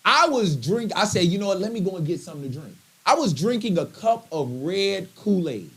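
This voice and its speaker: A man, a comedian guest, telling a funny story in an animated, chatty way and laughing often. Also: sits high, a little fast, breathy edge. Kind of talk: comic storytelling in conversation.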